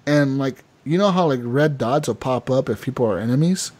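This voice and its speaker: Animated male podcast host telling a story. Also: mid-range voice, fairly quick. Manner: animated storytelling with quoted voices and filler words. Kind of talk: casual gaming podcast chat.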